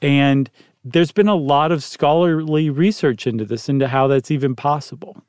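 A man's voice: on the high side, steady tone, normal speed, darkish tone, clean tone, no room sound, clean studio sound. Chatty joking male podcast co-host. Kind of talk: casual chat.

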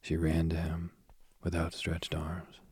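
A man reading an old myth aloud, soft and husky, often dropping to a whisper. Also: deep voice, monotone, slow pace, no room sound. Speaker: storyteller.

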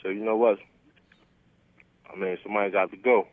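A man on a prank phone call, calm and street-tough, eating while he talks. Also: on the low side, brisk, dry recording. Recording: tinny phone line.

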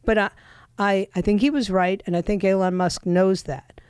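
A woman's voice: mid-range voice, steady tone, moderate pace, a little mellow, clean tone, dry recording, studio quality. A woman hosting a talk radio show, delivering an opinionated monologue in a chatty, sardonic way, with many fillers and restarts.

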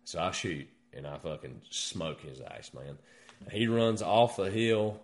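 An American man with a low voice tells a hunting story in casual chat. He talks in an animated, profane way and gets worked up as the tale goes on. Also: a little slow. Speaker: guest hunter.

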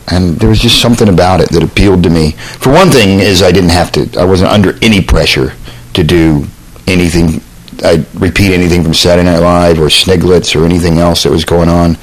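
A man's voice: sits low, poor audio. A man, a comedian guest, chatting in a dry, laid-back, matter-of-fact way. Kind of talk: casual interview chat.

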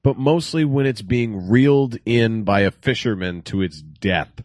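Fairly low-voiced man, wry teasing co-host, dry close recording. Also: measured pace, a little mellow, no echo. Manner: teasing, quotes lyrics in a mocking sing-song. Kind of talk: casual comedic chat.

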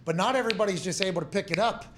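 A man hosting a sports talk show, telling stories in a profane, animated way. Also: high voice, racing, background noise. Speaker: show host.

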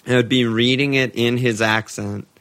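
A man's voice: medium pitch, steady tone, moderate pace, a bit bright. A man co-hosting a casual podcast, swearing freely, rambling and laughing as he talks. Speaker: podcast co-host. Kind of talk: casual chat.

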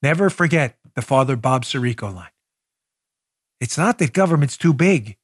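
A man's voice: mid-range voice, moderate pace, breathy edge, no room sound, studio quality. A man hosting a political talk show, mocking his targets with sarcasm and acted-out scenes. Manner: sarcastic, animated, acts out scenes.

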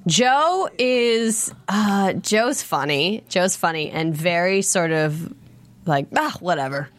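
A woman chatting as a guest on a talk show, telling lively stories about castmates, often laughing and imitating them. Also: medium pitch, takes it slowly. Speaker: guest actor. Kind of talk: casual podcast chat.

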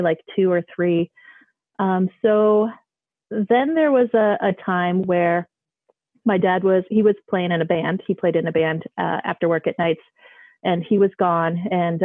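A woman's voice: on the low side, no room sound. A woman calling in to tell a story in a rambling, casual way, full of fillers and restarts. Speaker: caller. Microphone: phone call. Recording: tinny dry phone line.

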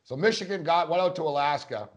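A man's voice: fairly high pitch, animated, fast talker. A man co-hosting a casual sports podcast, telling a long rambling story and acting out quotes along the way. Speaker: podcast co-host.

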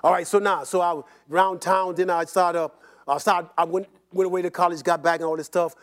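An older man telling stories about his life in an interview, animated and rambling, repeating words and often laughing. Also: sits high, fast. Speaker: interview guest. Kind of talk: personal storytelling in an interview.

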